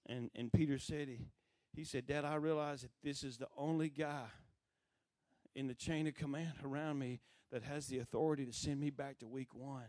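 A middle-aged man preaching, telling a story with lively acted-out voices. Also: medium pitch, brisk, dry recording. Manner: animated storyteller who acts out quoted voices. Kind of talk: sermon storytelling.

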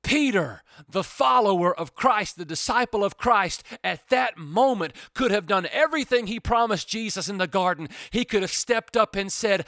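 A male pastor preaching a radio sermon, swinging from urgent pleading to hushed near-whispers. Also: high-pitched, lively intonation, normal speed, hardly any pauses, no room sound, studio quality.

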